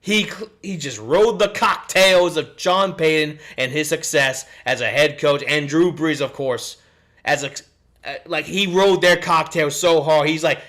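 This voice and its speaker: A man's voice: on the high side, slow pace, a bit bright. Frustrated man ranting about football. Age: 30s. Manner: frustrated, rambling, cursing and sighing. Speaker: podcast host. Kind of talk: live-stream sports rant.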